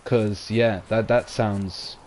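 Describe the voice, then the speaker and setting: Sarcastic British gamer muttering commentary. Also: male voice, fairly low pitch, flat delivery, takes it slowly, darkish tone, slight background noise. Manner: sarcastic, swears, talks to himself. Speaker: gamer commentating his playthrough. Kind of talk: casual let's-play commentary.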